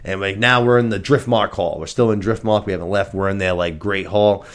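A man co-hosting a podcast, recapping a TV episode in a casual, animated and profane way. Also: on the low side, a little fast. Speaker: podcast co-host.

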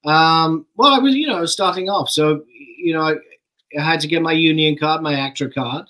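A middle-aged man from England, a guest actor, telling stories in a casual interview in a relaxed way and swearing offhandedly. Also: a little high, fairly quick, rough recording.

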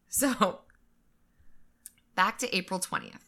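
Slow, bright-voiced woman podcast co-host. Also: medium pitch, expressive. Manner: chatty storyteller, acts out quotes in silly voices. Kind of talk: casual chat.

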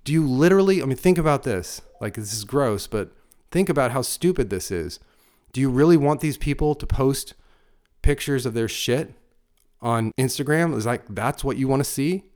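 A man's voice: medium pitch, animated, moderate pace, a little mellow. A middle-aged man and father giving blunt, crude life advice in a motivational monologue, full of emphatic rhetorical questions.

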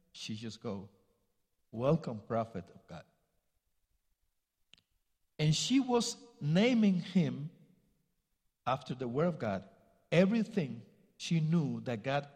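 A slow, deliberate man with a Spanish accent preaches as a guest missionary, stopping to hunt for English words. His voice sits a little high for a man. It rings out with a long echo, like in a big church hall. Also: darkish tone, breathy edge. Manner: halting, searching for words, acts out quotes. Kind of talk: sermon storytelling.

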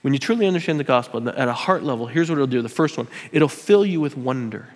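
A man's voice: mid-range voice, expressive, fast. A man preaching a sermon as pastor, driving points home by repeating phrases and slipping in joking asides. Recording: long hall reverb.

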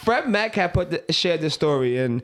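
A man co-hosting a podcast, telling a story in a halting way and repeating his words. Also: on the high side, big pitch swings, fairly bright tone. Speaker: podcast co-host. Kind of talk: casual chat.

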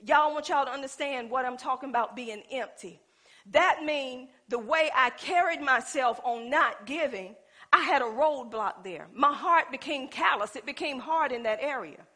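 Woman pastor preaching, high voice, talks right to the congregation, acts out little scenes. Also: moderate pace, bright, forceful tone. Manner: colloquial preaching, calling out to the congregation. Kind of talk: sermon.

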